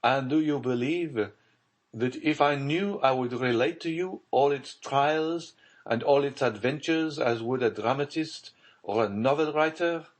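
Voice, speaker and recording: A man's voice: mid-range voice, measured pace, voice pushed up, natural voice. A man doing a grave, brooding nobleman. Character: haunted scheming nobleman, secretive and grave.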